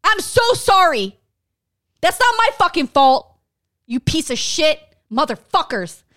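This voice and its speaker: A woman co-hosting a podcast, ranting furiously with heavy profanity and shouting at times. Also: high-pitched, very animated, unhurried. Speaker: podcast co-host. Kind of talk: heated political rant.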